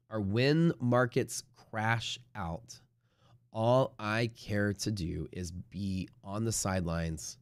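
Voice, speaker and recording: A man hosting a live day-trading stream, rambling casually with lots of swearing and sudden loud bursts of mock trader shouting. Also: lowish voice, no echo, clean studio sound.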